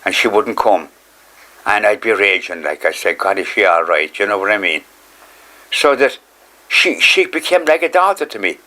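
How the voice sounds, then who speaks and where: A man's voice: lively intonation, moderate pace, pauses often, bright, forceful tone. An older Irish man reminiscing in a documentary interview, rambling and repeating himself as he recalls the past. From Ireland. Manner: rambling, repeats words, acts out quotes in higher voice. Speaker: interviewee telling his life story.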